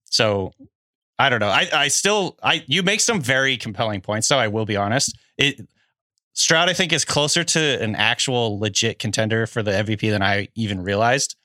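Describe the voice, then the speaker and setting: A man's voice: fairly low pitch, expressive, moderate pace, bright, forceful tone, no echo, studio quality. A man co-hosting a podcast, talking casually with a hesitant, hedging manner. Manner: hesitant, hedging, laughs often. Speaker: podcast co-host. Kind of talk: casual sports chat.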